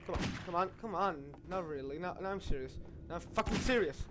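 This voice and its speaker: A young man playing a horror game on his channel, swearing loudly and yelling in panic. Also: sits high, animated, a little fast, few pauses. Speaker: gaming channel host. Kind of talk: horror game let's play. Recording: noisy with game gunfire behind.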